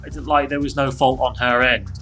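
A man's voice: mid-range voice, fairly even intonation, fairly quick, pushed and bright, soft background music. A man telling a candid, self-critical personal story in an interview, with frequent restarts.

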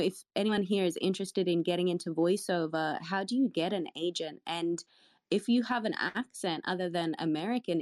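Woman, from Australia, attendee, polite, hesitant, low voice, dry. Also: a little mellow, dry recording. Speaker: panel attendee asking a question. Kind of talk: casual question.

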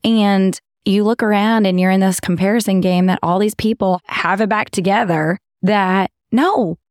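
Raspy Texan woman with a Southern twang. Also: mid-range voice, moderate pace, no echo, clean studio sound. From Texas. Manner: lively, emphatic, talks straight to listeners. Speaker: podcast co-host. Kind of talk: casual faith podcast chat.

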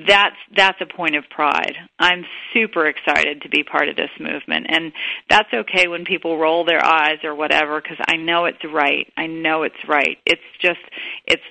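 A woman's voice: deep voice, vocal fry, sharp tone, dry recording, low-quality recording. A woman guest in an interview, talking enthusiastically and restarting her sentences often. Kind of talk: casual interview talk.

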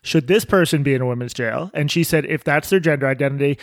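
A man co-hosting a podcast in casual, teasing chat, animated and quick to talk over his partner. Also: on the high side, no room sound, clean studio sound. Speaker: podcast co-host.

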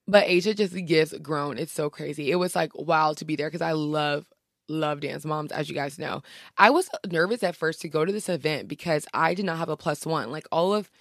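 A woman's voice: low-pitched, no room sound, studio quality. A young woman hosting a podcast, chatting casually and gushing with lots of slang. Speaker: podcast host. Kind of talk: casual chat.

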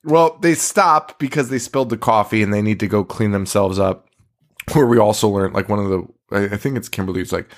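A man's voice: lowish voice, a little fast. A man co-hosting a podcast, recapping a horror movie in casual chat, swearing freely and laughing between lines. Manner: profane, laughing, sarcastic recapping. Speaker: podcast co-host.

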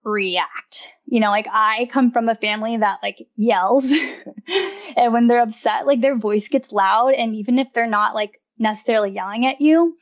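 A woman's voice: a little high, normal speed, muffled recording. A woman in casual conversation as a guest, talking freely with a lot of "like" and laughing often. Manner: chatty, uses "like" constantly, laughs often. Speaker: podcast guest. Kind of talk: casual chat.

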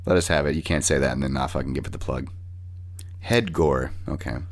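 A man's voice: very deep voice, fairly quick. A man hosting a casual music podcast, swearing freely as he talks about bands. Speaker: podcast host.

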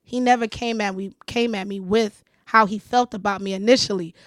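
This woman's medium-pitched voice moves briskly as she hosts a casual podcast, animatedly recounting a personal story and acting out quoted lines. The studio recording is clean, with no echo.

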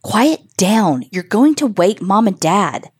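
A woman's voice: mid-range voice, sing-song, takes it slowly, breathy edge, pitched above the performer's own voice, full character voice. A woman voicing a teasing older sister who spins a spooky legend to frighten her little sister. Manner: teasing, mock-ominous.

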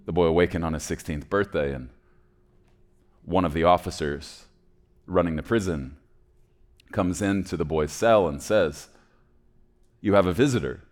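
A man's voice: deep voice, normal speed, pauses often, darkish tone. A man, a pastor, narrating a story during a sermon with dramatic, shifting pace.

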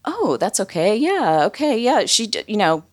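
A woman's voice: lowish voice, fairly quick, heavy background noise, close to an everyday voice. A woman voicing an overly friendly, eager-to-please man who works at a day care center for elders. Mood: breezy reassurance. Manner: super friendly, reassuring, flustered apologies.

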